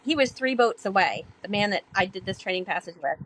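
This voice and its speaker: A woman guest on a podcast telling her stories in a chatty way, with many fillers, and growing animated when she acts out past talk. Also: mid-range voice, fairly quick, slight background noise, poor audio. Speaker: podcast guest, sailor and author. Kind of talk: casual storytelling interview.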